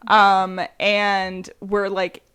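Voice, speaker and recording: A woman co-hosting a podcast, telling a personal story in a rambling way, full of likes and ums and quick laughs. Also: medium pitch, completely flat delivery, fairly bright tone, clear, resonant tone. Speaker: podcast co-host. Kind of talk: casual storytelling chat.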